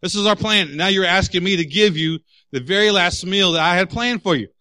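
A man's voice: high voice, a little fast, pushed and bright, dry recording. A man preaching a sermon as pastor, candid and emphatic, telling personal stories.

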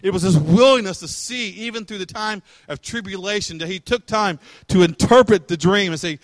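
A man's voice: high-pitched, brisk, few pauses, no echo. A male pastor preaching a sermon in a conversational way, asking questions and retelling scripture in everyday words.

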